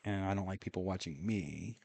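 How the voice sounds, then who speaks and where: A man's voice: sits low, a little fast, vocal fry, a little mellow, husky. A man telling a long story in a casual, rambling way while playing a game, full of fillers and chuckles. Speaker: gaming streamer.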